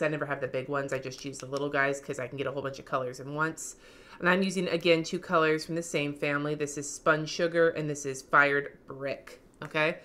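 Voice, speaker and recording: A woman vlogger giving a casual, slangy craft tutorial, cussing freely, her voice going a little hoarse. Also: low voice, a bit bright.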